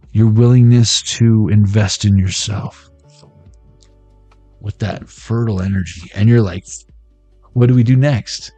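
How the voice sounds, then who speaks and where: A man's voice: on the low side, vocal fry, dark tone, husky, no room sound. A man giving a casual tarot reading, rambling and cursing as he jokes and laughs at his own lines. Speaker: tarot reader.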